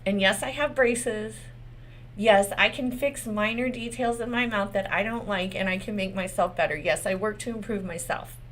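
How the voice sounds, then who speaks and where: A woman's voice: medium pitch, normal speed. A woman lawyer with a Texas accent giving casual, candid legal commentary, swearing often and asking rhetorical questions.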